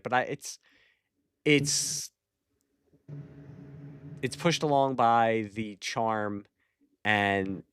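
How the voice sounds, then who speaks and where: A man's voice: on the low side, clear, resonant tone. A man hosting a podcast in casual chat, talkative and laughing often. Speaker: podcast host.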